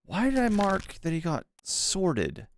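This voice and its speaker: Animated man streaming a puzzle game. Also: sits high, slow, slight background noise. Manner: animated, thinking aloud, mild swearing. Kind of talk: casual gameplay commentary. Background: loud game music.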